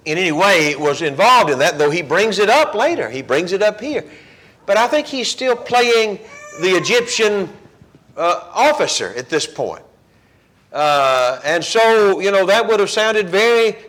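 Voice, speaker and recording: In a church Bible class, a man retells the story with lively energy and acts out what the people said. His voice is high, with slight background noise.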